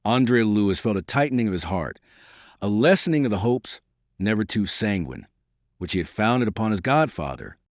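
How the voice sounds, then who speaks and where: A man narrating a historical novel as an audiobook in an expressive, dramatic reading. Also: fairly low pitch, moderate pace, no echo, studio quality.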